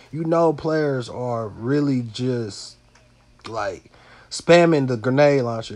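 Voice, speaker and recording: Man, nasal, congested, under the weather, rambling gameplay commentary, filler-heavy, occasional swearing, mid pitch. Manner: rambling, loose, many fillers and repeats, some swearing. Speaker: gaming channel host.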